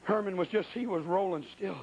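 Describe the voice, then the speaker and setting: A man preaching a sermon as a colloquial, animated story, acting out sounds and voices. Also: high-pitched, fairly quick, muffled recording, a little hiss or hum.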